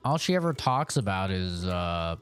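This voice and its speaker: A man's voice: low-pitched, very animated, moderate pace. A man streaming a video game, rambling through a casual story with lots of fillers and swearing.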